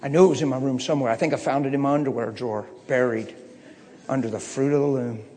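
Middle-aged preacher shouting in an echoey hall. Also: male voice, fairly even intonation, fast. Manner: swings from low muttering to impassioned shouting. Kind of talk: sermon testimony storytelling.

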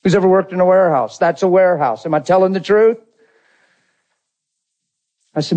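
A man's voice: high voice, moderate pace, pauses often, darkish tone, highs cut off. A man pastor preaching a storytelling sermon in a folksy, conversational way, talking straight to his congregation.

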